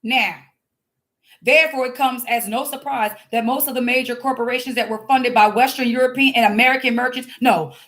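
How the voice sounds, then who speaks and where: High, bright-voiced fiery woman commentator. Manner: blunt, scolding and preachy, with frequent restarts. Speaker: online commentator. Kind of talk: fiery religious commentary vlog.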